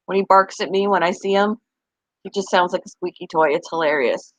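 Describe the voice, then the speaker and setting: A woman's voice: lowish voice, a little fast, dry recording, muffled recording. A young woman hosting a casual live-stream chat about her pets, answering viewers' comments as they come in. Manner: chatty, talks back to viewers' comments. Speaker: pet channel host.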